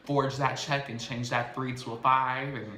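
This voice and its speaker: A man's voice: medium pitch, moderate pace, roomy sound. A man recapping a reality show episode in chatty, gossipy casual talk. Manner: chatty, animated, gossipy storytelling.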